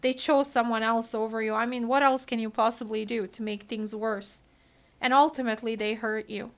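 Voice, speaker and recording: Brief: woman tarot reader, slightly high voice, earnest and emotional delivery. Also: fairly even intonation, moderate pace. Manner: earnest, emotional, talks through card meanings. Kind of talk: solo tarot reading to camera.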